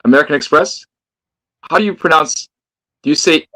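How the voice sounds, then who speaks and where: A man chatting casually as a guest on a live stream, relaxed and talkative. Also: a little high, a little fast, low-quality recording. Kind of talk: casual livestream chat.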